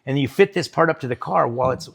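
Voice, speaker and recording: A man's voice: mid-range voice, fast talker, creaky, husky. A middle-aged man who builds cars, giving a casual tour of his workshop and telling stories, acting out the voices he quotes. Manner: animated storyteller, acts out quoted voices. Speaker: woodie car builder. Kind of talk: casual shop tour chat. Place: indoor workshop.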